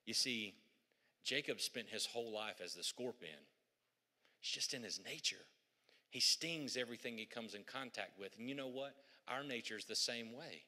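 A man's voice: medium pitch, normal speed, sharp tone, long reverb tail. A male pastor preaching a sermon in a humorous, conversational storytelling way, in a church sanctuary.

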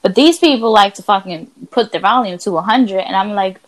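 A woman's voice: mid-range voice, a little fast, few pauses. A woman co-hosting a casual podcast, telling stories in a blunt, profane way. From Dominican family. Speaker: podcast co-host. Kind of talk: casual chat.

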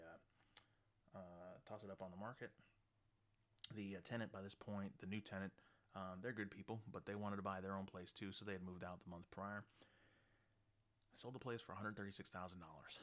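A man telling a story casually, blunt and animated, swearing freely. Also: low-pitched.

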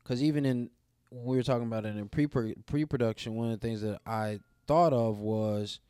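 A man from the American South talking frankly in a casual podcast chat, animated and acting out the voices of people he quotes. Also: mid-range voice, a little fast, clean tone, no room sound, studio quality. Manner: candid, animated storyteller who acts out quoted dialogue. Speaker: podcast co-host.

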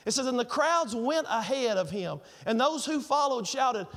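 A man's voice: very high voice, expressive, normal speed, a bit bright, long reverb tail. A man preaching a sermon, telling stories and repeating phrases for emphasis. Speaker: pastor.

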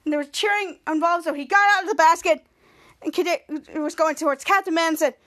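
A woman with a very high, bright voice runs through an episode recap in a loose, rambling way. She keeps circling back to the same stock phrases and jumps into excited impressions of the characters as she goes. The delivery is casual, like an unscripted podcast. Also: brisk. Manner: rambling, repeats "cut to" and "somehow"; acts out characters' lines excitedly. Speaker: podcast host.

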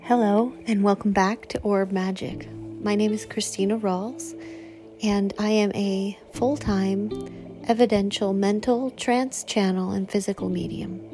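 A woman hosting her own podcast, talking in an earnest, meandering way, with small laughs and restarts. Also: medium pitch. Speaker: podcast host. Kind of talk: reflective solo podcast talk.

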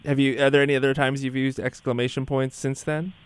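A man co-hosting a casual radio show, upbeat and quick to react to guests. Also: mid-range voice, little pitch movement, clean tone. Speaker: podcast co-host.

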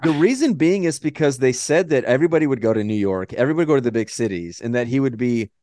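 A man from Texas with a Texan accent, co-hosting a casual movie-review podcast and ranting in a profane, animated way. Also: medium pitch, fast, no echo, studio quality. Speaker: podcast co-host.

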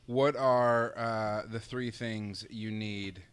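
A man's voice: lowish voice, fairly even intonation, slow, smooth. A man joining a podcast as a guest, joking and hesitant, repeating himself as he talks. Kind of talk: casual chat.

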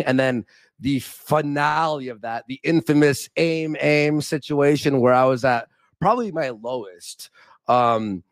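With a slightly high voice and no echo, a young man from Canada chats casually as a livestream guest, rambling, getting worked up, cursing, and stumbling as he restarts.

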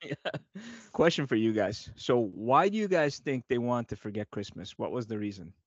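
A man's voice: medium pitch, lively intonation, moderate pace, no room sound, muffled recording. A man co-hosting a podcast, laughing often as he presents a history segment. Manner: giggly, presents history bits. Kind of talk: casual comedic chat.

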